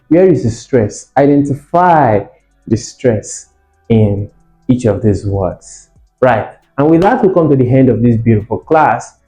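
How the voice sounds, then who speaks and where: Echoey male tutor, mellow voice. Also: mid-range voice. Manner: lively, asks rhetorical questions, repeats example phrases. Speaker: exam prep tutor. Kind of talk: teaching lesson to camera. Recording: echoey room.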